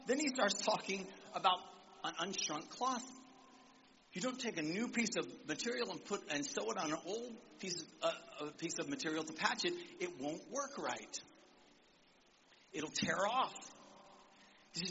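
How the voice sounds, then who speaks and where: High, bright-voiced animated male preacher. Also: normal speed, highs cut off, slight background noise. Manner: animated, calls for amens, acts out quotes. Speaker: visiting preacher. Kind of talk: sermon to young people. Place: church service in Nigeria.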